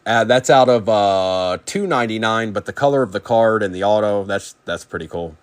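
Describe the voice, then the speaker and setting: Male card-break host, lower pitch, relaxed chatty delivery with quick name rundowns. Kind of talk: casual live card-break commentary.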